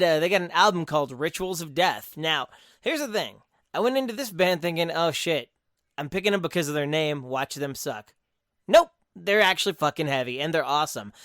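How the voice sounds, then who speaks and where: A young man co-hosting a metal podcast, reviewing albums off a list in a crude, rambling, self-mocking way, with loud bursts and quiet mutters. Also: a little high, no room sound, clean studio sound. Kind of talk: casual solo segment, reading from a list.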